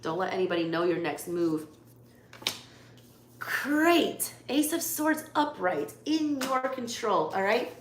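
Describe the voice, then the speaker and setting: A woman's voice: medium pitch, sing-song, takes it slowly. Blunt, profane Southern woman reading tarot. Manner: blunt, swears freely, lots of "like" fillers. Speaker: tarot reader. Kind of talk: live tarot reading, casual chat. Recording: echoey room, faint background noise.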